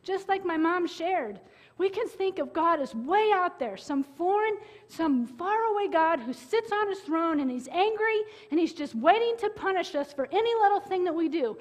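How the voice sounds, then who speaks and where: A woman's voice: very high voice, animated, normal speed, big-room sound. A woman preaching a sermon in earnest, sharing a personal story with emotion and appeals to the congregation.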